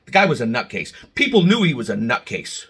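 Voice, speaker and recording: A man hosting his own channel, giving a heated, emotional opinion monologue with many restarts and sudden loud outbursts. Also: medium pitch, big pitch swings, brisk, husky. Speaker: channel host.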